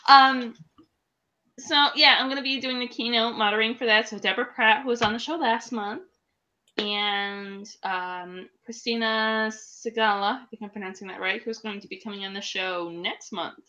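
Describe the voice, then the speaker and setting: Podcast co-host, woman in her thirties with a cold, bright chatty storyteller. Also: on the high side, fairly even intonation, normal speed, muffled recording. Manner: chatty storyteller, laughing asides. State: coming down with a cold. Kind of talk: casual chat.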